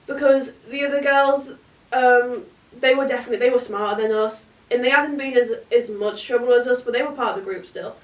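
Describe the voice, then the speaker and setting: A young woman with a British accent spins a dramatic storytime, chatty and full of "like". Her voice sits high. The sound is roomy, picked up from a little way off the mic. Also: brisk, distant mic. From Britain. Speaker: vlogger. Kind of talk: casual storytime chat.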